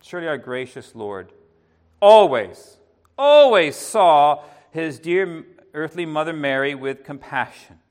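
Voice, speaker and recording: An earnest man preaching an evening sermon, his voice sitting a little high for a man. He talks in a halting way, restarting phrases and dropping softly into asides before rising again. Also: very animated.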